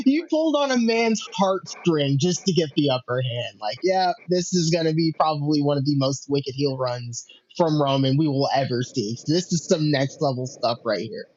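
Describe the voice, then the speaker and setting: A man's voice: on the high side, normal speed, darkish tone, dull audio. A man hosting a casual podcast, who talks animatedly and acts out other people's lines as quotes. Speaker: podcast host.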